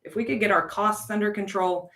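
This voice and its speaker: A woman's voice: mid-range voice, fairly even intonation, a little fast, bright, forceful tone. An American woman coordinating an ESL program, teaching on a casual live stream, chatty, laughing often and answering viewers' comments.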